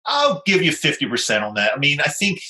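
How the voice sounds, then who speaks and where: A man's voice: a little high, brisk. A man co-hosting a dental podcast, playfully defending himself in casual chat. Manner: animated, self-defending, playful. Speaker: dentist co-host.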